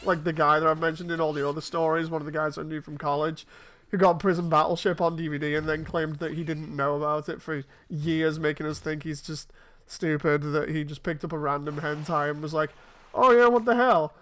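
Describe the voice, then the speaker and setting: Brisk and flat in delivery, this man in his thirties has a highish, fairly bright voice. He chats casually and wanders through rambling stories as he streams a game.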